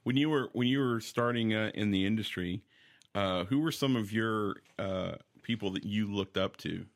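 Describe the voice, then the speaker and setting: A male interview host with a lowish voice asks casual questions. He stumbles and restarts often as he works his way toward each one. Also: normal speed.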